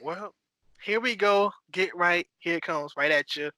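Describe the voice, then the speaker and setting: A man's voice: high-pitched, unhurried, bright, forceful tone, no echo. A man hosting a podcast, asking questions in easygoing casual chat. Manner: easygoing, short prompts. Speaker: podcast host.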